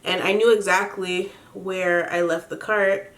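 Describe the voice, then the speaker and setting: A young woman chatting to her viewers while doing her makeup at home, telling a story in an animated way, laughing often and swearing casually. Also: on the low side, a little slow. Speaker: beauty vlogger.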